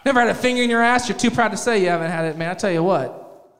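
Brief: male comic, 30s, high voice, crude and self-mocking stand-up, reverberant club hall. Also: fast talker, fairly bright tone. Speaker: stand-up comedian. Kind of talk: profane stand-up set. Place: comedy club stage.

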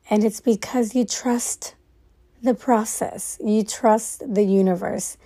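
Slow, mellow woman musing from bed. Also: mid-range voice. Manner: casual, rambling, swears freely, talks through her own thoughts. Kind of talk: late-night reflective monologue. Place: lying in bed at night.

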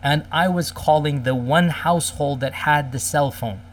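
A middle-aged man tells a long personal story casually, circling back with fillers and restarts and dropping in Arabic religious phrases. His voice sits a little higher than most men's. The mic is some way off, with a faint hum beneath him. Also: normal speed, far from the mic. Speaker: speaker recounting a personal story.

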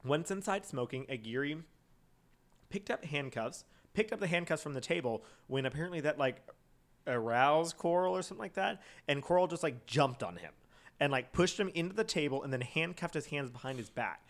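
A man's voice: fairly high pitch, animated, normal speed. A man co-hosting a comedy podcast, casually telling a true crime story with lots of fillers and frequent laughter. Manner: rambling, many fillers, laughs often.

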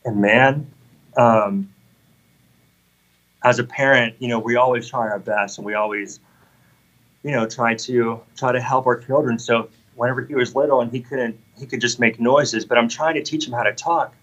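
A man's voice: mid-range voice, steady tone, normal speed, a bit bright, highs cut off. A man in his thirties telling an earnest, heartfelt personal faith testimony in conversation. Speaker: guest sharing a testimony.

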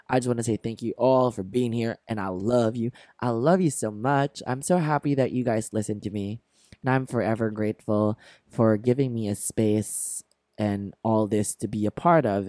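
A man's voice: mid-range voice, a little mellow, no echo, studio quality. A man hosting a self-help podcast, talking earnestly and encouragingly to his listeners and laughing at himself now and then. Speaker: podcast host. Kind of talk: motivational self-help monologue.

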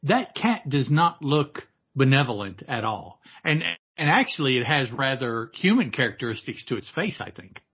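A man's voice: mid-range voice, sing-song, moderate pace, few pauses, breathy edge, highs cut off. A man co-hosting a podcast in casual chat, talking hesitantly with restarts. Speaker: podcast co-host. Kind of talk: casual comic book discussion.

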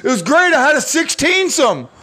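A man voicing his boastful roommate back from California, bragging in a drawn-out, condescending way. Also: very high-pitched, sing-song, bright, forceful tone, voice pushed up, exaggerated voice.

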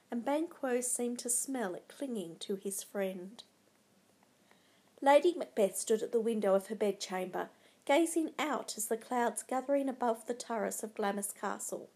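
A woman narrating a storybook in a measured, dramatic way. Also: on the high side, mellow, slightly rough.

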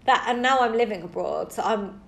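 A British woman co-hosting a podcast in casual chat, animated, laughing often and mimicking voices. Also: medium pitch, a little fast, gravelly, roomy sound. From Britain. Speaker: podcast co-host.

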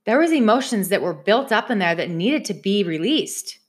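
A young woman vlogger tells a personal story in a mid-range, sing-song voice at a moderate pace. She's chatty and talks directly to her viewers.

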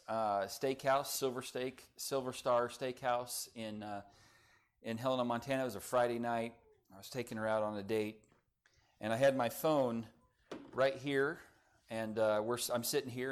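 A middle-aged man preaches a sermon in an ordinary mid-pitched voice. He climbs in pitch and volume to drive home the big phrases. Between those peaks he settles into a soft, chatty tone, full of small fillers, as he tells the congregation a personal story. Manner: earnest preaching that swells on key phrases, then drops to quiet storytelling. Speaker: pastor.

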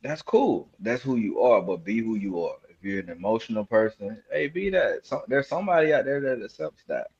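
A man's voice: medium pitch, very animated, brisk, hardly any pauses, a little mellow, husky, lo-fi sound. A man in casual podcast chat, telling stories animatedly and mimicking other people's voices while laughing often.

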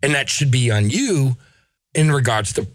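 Animated, profane middle-aged male host. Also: mid-range voice, moderate pace. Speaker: podcast host. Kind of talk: casual opinionated chat.

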